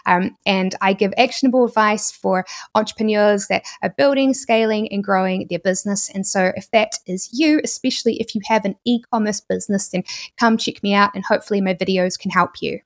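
A woman's voice: mid-range voice, brisk. A woman with a New Zealand accent, a guest on a podcast, telling a story and acting out the characters in it. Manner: animated, acts out characters in a story. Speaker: podcast guest, entrepreneur educator.

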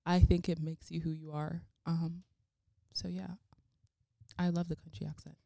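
A young woman with a low, fry-edged voice interviews a friend on a podcast. She chats in long bubbly runs and giggles often, and the close mic gives a dry sound with no room. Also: flat delivery, normal speed, dark tone, no room sound. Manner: bubbly, giggly, talks in long run-on stretches. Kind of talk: casual podcast chat.

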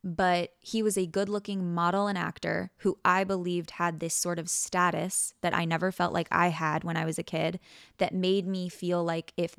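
A woman's voice: fairly low pitch, creaky, smooth, no room sound, clean studio sound. A young woman hosting a podcast, telling a personal story frankly and vividly, acting out quoted lines and swearing casually. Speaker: podcast host.

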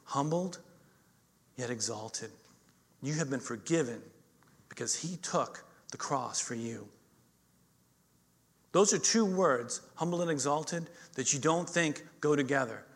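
A middle-aged male pastor preaching a sermon, telling stories with swings between loud emphasis and quiet intensity. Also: mid-range voice, expressive, measured pace, pauses often.

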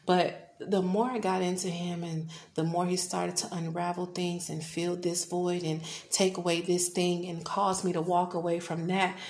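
Earnest, gravelly woman in her thirties. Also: on the low side, a little mellow. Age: 30s. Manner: earnest, confessional, drops to a whisper at moments. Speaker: podcast host. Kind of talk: personal faith podcast talk. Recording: echoey room with faint background noise.

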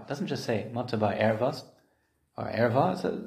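A man giving a Talmud study lesson, explaining lively and acting out the quoted voices. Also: medium pitch, moderate pace, vocal fry. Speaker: Talmud teacher. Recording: roomy echo.

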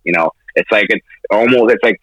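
Deep guy calling in over video, rambly, dry sound. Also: fairly quick, a bit bright, no room sound, lo-fi sound. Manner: rambling, lots of fillers and restarts. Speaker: podcast co-host. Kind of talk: casual podcast chat. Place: remote, on a call from Hawaii. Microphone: video call.

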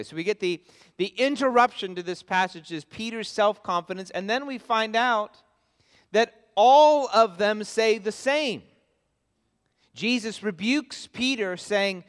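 A man's voice: high voice, expressive, measured pace, a bit bright. A pastor preaching an expository sermon, earnest and emphatic as he stresses his key points. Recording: long reverb of a large hall.

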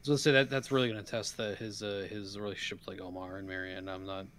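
A man's voice: lowish voice, little pitch movement, fast, fairly bright tone, slight background noise. A man co-hosting a casual recap discussion, arguing emphatically and asking rhetorical questions. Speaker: podcast co-host.

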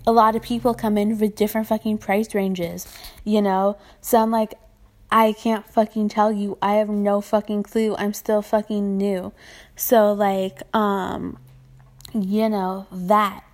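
A woman's voice: medium pitch, flat delivery, a little slow. A young woman who works in retail, venting casually with lots of swearing and filler words. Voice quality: self-described annoying voice. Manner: profane, exasperated venting with many fillers. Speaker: retail worker. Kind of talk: casual ranting vlog.

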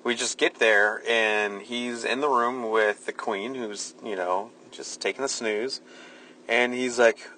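A man's voice: medium pitch, fairly even intonation, slow, sharp tone, low-quality recording. Male co-host, plot recapper, easy middle voice, faint background hiss. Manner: recapping the plot, amused, laughing. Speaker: podcast co-host. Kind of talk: casual movie review chat.

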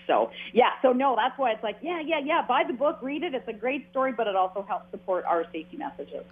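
A woman's voice: medium pitch, very animated, a little fast, few pauses, breathy edge. A woman guest in a casual interview, talking in a chatty, rambling way with frequent restarts. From Canada. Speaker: author and guest. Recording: tinny phone-like line.

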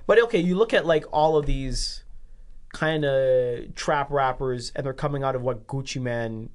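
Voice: medium pitch, normal speed. Rambly podcast host going off on tangents, cusses a lot, cracks up at own jokes. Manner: rambling, animated, swears, laughs mid-sentence. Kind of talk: casual chat.

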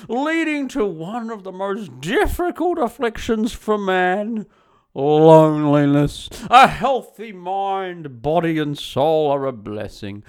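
Preachy commenter, put on by a man, overdone Australian accent, high sing-song delivery, slow and mock-solemn. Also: big pitch swings, clear, resonant tone, full character voice. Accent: exaggerated put-on Australian. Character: rambling preachy male online commenter. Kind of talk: comic reading of a comment.

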